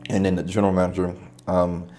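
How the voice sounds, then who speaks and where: A man's voice: sits low, level tone, fast, warm tone, soft background music. A man telling a long personal story in casual podcast talk, with repeated words and restarts. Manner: retells events with repetitions and restarts. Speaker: podcast guest. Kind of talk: casual spoken anecdote.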